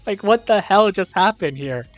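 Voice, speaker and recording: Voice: mid-range voice, expressive, normal speed, narrow, tinny audio. A young adult host recapping a college esports league, reading scores and ranting with exasperated disbelief and casual swearing.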